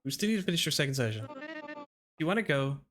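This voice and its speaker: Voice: mid-range voice, wildly swooping pitch, fast talker, fairly bright tone. A role-player voicing a witch teacher who begs for help with her coven's ritual, pleading one moment and coldly insistent the next. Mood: stern. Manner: begging, flustered, then coldly insistent. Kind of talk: tabletop role-play.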